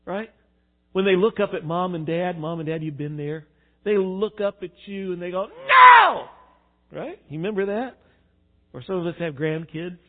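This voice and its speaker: A man preaching a sermon, animated, swinging between quiet reflection and loud emphasis. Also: high-pitched, normal speed. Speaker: pastor. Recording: tinny phone-like sound.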